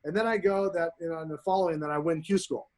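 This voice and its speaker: A man in his forties, a pro golfer telling profane, animated stories as a podcast guest. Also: on the high side, fast. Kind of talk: casual storytelling.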